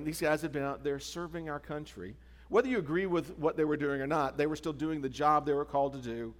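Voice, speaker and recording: A middle-aged male pastor delivers a sermon in a conversational, rambling way, often restarting his sentences. His voice sits a little high for a man. The sound carries a long reverb from a large church hall. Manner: conversational preaching with frequent restarts.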